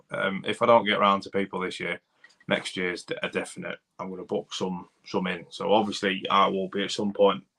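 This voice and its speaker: A car mechanic in his thirties hosts a livestream with a Doncaster, South Yorkshire accent, casually reading out comments. His slightly low voice has a bright edge, and he rambles and chats, calling viewers buddy and mate.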